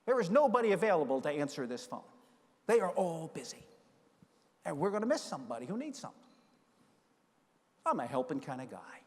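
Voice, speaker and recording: A middle-aged man giving a conference keynote, telling a story and acting out the dialogue with lively energy. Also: on the high side, brisk, long pauses. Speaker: keynote speaker. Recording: long hall reverb.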